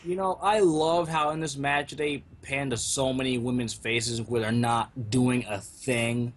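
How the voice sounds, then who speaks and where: A man's voice: medium pitch, steady tone, measured pace. Wry man chatting in a wrestling review. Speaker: co-host reviewing a wrestling show. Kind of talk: casual review chat.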